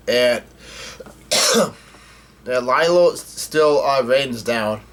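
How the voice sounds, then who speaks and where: A man's voice: mid-range voice, very slow, fairly bright tone. A man hosting a casual comic read-through, rambling with lots of fillers and swearing freely. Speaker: manga reading channel host.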